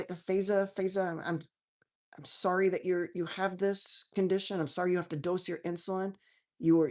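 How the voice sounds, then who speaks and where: Chatty woman doctor with a lowish voice. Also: a little mellow. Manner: chatty and folksy, frequent restarts, homey slang. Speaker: doctor and health coach hosting a live Q&A. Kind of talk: casual live-stream chat answering viewers.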